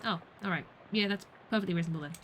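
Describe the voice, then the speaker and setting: A woman's voice: on the low side, very fast, a little hiss or hum, pitched below the performer's own voice, natural voice. Woman reading as a folksy ring collector. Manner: folksy, talkative, barely changes her own voice. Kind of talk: reading game dialogue aloud.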